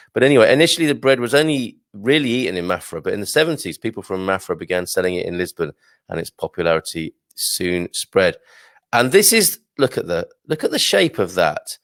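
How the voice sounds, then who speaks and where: A man with a fairly low voice hosts a relaxed live stream, reading aloud and drifting into chatty asides. The sound is dry and close, with no room echo. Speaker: host. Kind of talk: casual live-stream chat.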